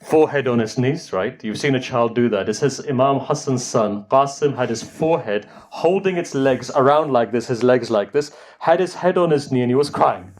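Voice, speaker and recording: A man's voice: medium pitch, lively intonation, normal speed, hardly any pauses. A man preaching an emotional mourning sermon in a mosque, often asking the listeners rhetorical questions. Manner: impassioned, emotional recitation.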